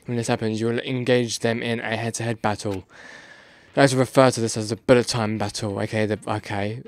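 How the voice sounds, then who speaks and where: A man's voice: medium pitch, little pitch movement, fairly quick, no room sound. A tired man doing casual let's play commentary, exasperated and rambling, swearing as he goes.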